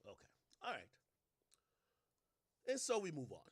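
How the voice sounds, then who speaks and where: A young man ranting in casual commentary, mocking and swearing, swinging from low mutters to loud outbursts. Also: huge pitch swings, a little slow, slightly rough. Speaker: commentary streamer.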